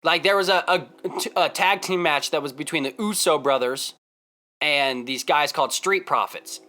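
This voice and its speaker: A man vlogging casually, telling a story in an excitable, emphatic way and repeating himself for effect. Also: fairly high pitch, normal speed.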